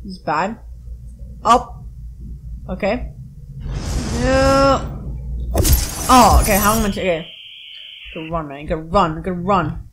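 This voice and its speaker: Woman gamer host, unhurried, jumpy outbursts, faint hiss behind. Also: on the low side, low-quality recording. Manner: excitable, yelps and laughs while playing. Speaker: gaming video host. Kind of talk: let's play commentary.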